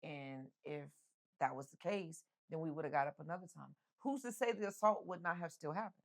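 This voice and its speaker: Middle-aged woman guest, candid storyteller, slightly low voice, raw and plainspoken. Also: a little fast. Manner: candid, acts out the voices of people in her story. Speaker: interview guest. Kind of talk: emotional personal storytelling.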